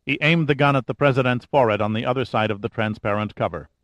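A man narrating a thriller audiobook in a steady, measured way. His voice sits at a mid pitch, recorded dry and close with no room sound. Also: no echo.

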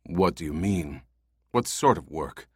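A man's voice: low voice, animated, measured pace, breathy edge, dry recording, clean studio sound, heavily acted. A man reading as a worried old father. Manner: pleading, cautious. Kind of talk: audiobook character voice.

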